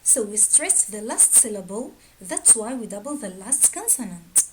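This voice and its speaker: A woman teaching a grammar lesson, reading out word pairs slowly and deliberately. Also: mid-range voice, big pitch swings, background noise. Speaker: English teacher.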